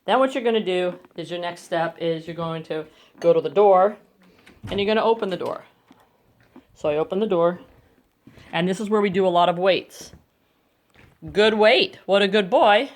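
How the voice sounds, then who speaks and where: A woman dog trainer explaining crate training step by step at home, switching to coaxing praise for her dogs, recorded on a phone. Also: fairly low pitch. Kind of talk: instructional demonstration. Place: home bedroom, indoors. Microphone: phone camera.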